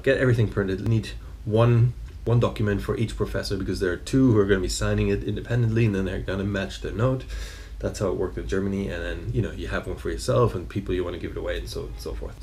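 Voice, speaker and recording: A man in his thirties talks straight to camera in a relaxed, rambling vlog. His voice sits a little low, and he swears freely as he goes. A faint hum runs underneath. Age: 30s. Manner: loose, chatty storytelling with frequent swearing. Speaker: fitness vlogger. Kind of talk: casual vlog chat.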